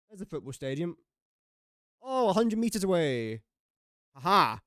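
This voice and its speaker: A young man talks through a live game stream, musing aloud and poking fun at his own mistakes. His voice sits a little high and comes across smooth and clear. The sound is dry and close, with no room around it. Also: very animated, unhurried, long pauses, fairly bright tone, no echo. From England. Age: young adult. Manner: chatty, jokey and self-mocking, thinking aloud. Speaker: gaming streamer. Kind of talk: casual live-stream commentary.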